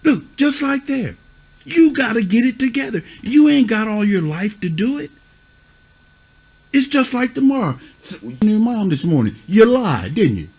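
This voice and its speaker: A man's voice: very high voice, lively intonation, moderate pace, darkish tone, husky. A middle-aged man acting as a youth mentor, lecturing children sternly and bluntly, cursing and pressing them with repeated questions. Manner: scolding, repeats "huh?" and "you see what I'm saying"; blunt, curses.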